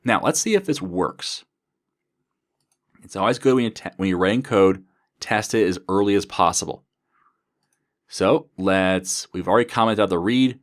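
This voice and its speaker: Slow, deep-voiced man teaching code. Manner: methodical, talks through code as he types. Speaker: programming instructor. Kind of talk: coding tutorial screencast.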